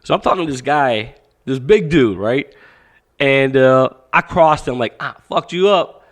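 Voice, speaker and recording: A man's voice: mid-range voice, unhurried. A man in his thirties from Pakistan, a boxing coach talking as a podcast guest, telling a story casually with frequent swearing and acted-out quotes. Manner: animated storyteller, swears freely, acts out quotes.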